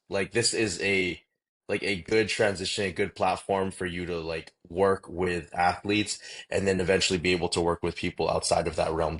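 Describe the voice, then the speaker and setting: Lower-voiced young podcast host, upbeat. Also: male voice. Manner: upbeat, laughs often, slangy. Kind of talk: casual chat.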